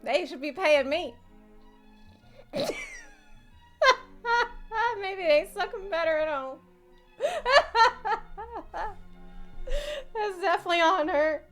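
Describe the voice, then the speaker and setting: A woman's voice: extremely high pitch, lively intonation, extremely slow, long pauses, fairly bright tone, faint music behind. A tired woman streaming, chatting casually and rambling, often breaking into laughter.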